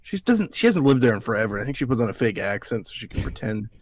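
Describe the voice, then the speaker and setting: A fast talker with a mid-range voice and big pitch swings, this Alabama man co-hosts a podcast. In casual chat he tells meandering, profane stories and acts out what other people said.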